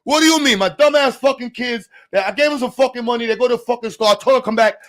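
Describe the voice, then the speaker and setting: A man voicing a foul-mouthed middle-aged Italian mobster type from New York, cursing and yelling in exasperation. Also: very high voice, sing-song, moderate pace, voice pushed up, heavily acted. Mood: exasperated.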